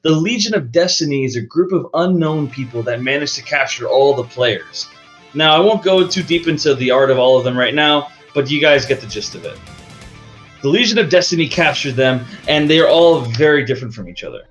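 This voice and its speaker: A man's voice: a little high, animated, a little fast, fairly bright tone. A man narrating a tabletop game as game master, in a casual, rambling way. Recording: dull lo-fi audio with faint music.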